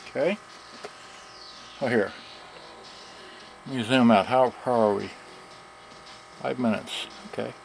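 A man casually demonstrating a serviced stereo, talking in halting bits as he thinks aloud and works the gear. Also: medium pitch, vocal fry, a little hiss or hum, rough recording.

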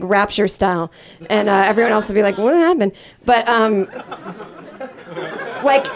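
A woman performing a stand-up comedy set, telling a rambling, self-deprecating story full of fillers. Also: medium pitch. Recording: live club recording with audience laughter. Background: audience laughter.

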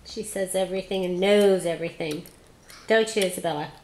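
A woman's voice: on the low side, a little fast, a little mellow, slight background noise. A woman filming at home, coaxing a toddler in a sing-song baby-talk voice to say words. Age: adult. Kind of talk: home video, talking to a toddler. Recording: echoey home room.

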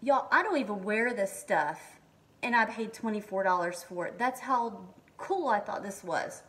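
A middle-aged woman, chatting excitedly in a home kitchen as she unboxes beauty products, reading labels aloud with lots of ums. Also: medium pitch, normal speed, far from the mic. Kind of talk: casual haul and unboxing chat.

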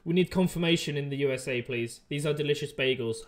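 Joking, fairly high-voiced male streamer. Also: fast, soft background music. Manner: joking, rambling banter. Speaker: livestream host. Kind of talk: casual live-stream chat.

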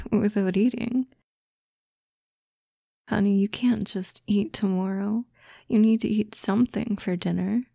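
A woman voicing a motherly fox-spirit girlfriend in a whispered role-play, coaxing and gently scolding. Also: medium pitch, vocal fry, no echo, clean studio sound. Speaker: ASMR voice actress.

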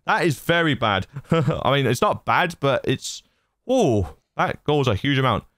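Slowly and in a sing-song way, a host with a medium-pitched, fairly bright voice demonstrates the voice effects on his audio mixer. The casual walkthrough is chatty and full of laughter at his own silliness, recorded on a studio broadcast mic with no echo.

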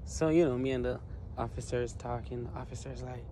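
A man vlogging in a relaxed, storytelling way, laughing often and swearing freely as he acts out what others said. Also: medium pitch, brisk, a little hiss or hum. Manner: animated, laughing, profane, slangy, quotes others in his telling. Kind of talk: casual storytelling.

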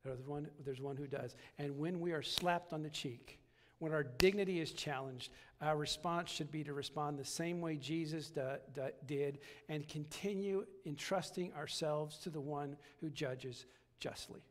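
A pastor delivers his sermon in a high voice, circling back on phrases and building to forceful peaks. The sound carries a long reverb from the church sanctuary. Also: moderate pace. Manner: preaching with repetition, rising to emphatic peaks.

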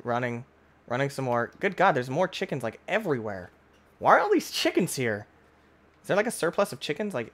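A young man giving playful, excitable commentary on a Minecraft let's play, talking to the animals in the game. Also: medium pitch. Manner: goofy, excitable, talks to animals. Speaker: gaming YouTuber.

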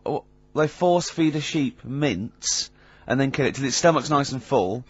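A man's voice: medium pitch, lively intonation, moderate pace, breathy edge, no room sound. An English man hosting a radio show, telling stories with chatty fillers and frequent laughter. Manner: chatty storyteller, laughs often, hesitant fillers. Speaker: radio host. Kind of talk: casual radio banter. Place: radio studio. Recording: slightly dull radio broadcast.

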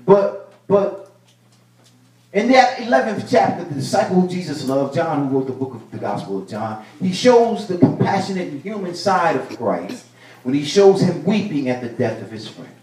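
A male pastor preaching a sermon, building to loud bursts and repeating his phrases. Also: fairly high pitch, big pitch swings, moderate pace. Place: church sanctuary. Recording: echoey church room, mic at a distance.

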